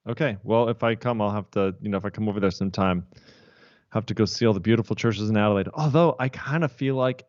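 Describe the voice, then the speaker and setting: A lower-pitched man talking in a loose, rambling, friendly way, hopping between thoughts with lots of "like" and "you know". The sound is dry and a bit dull and lo-fi, as over a call. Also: fast talker, darkish tone, no room sound. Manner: chatty, rambling storyteller with many fillers and laughs. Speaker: podcast co-host. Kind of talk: casual tech podcast chat.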